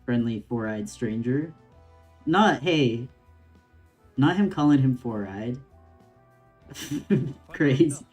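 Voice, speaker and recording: A man's voice: mid-range voice, lively intonation, slow pace, long pauses, dark tone, faint music behind. A man streaming a game, reading its dialogue aloud and adding laid-back, slangy commentary between the lines.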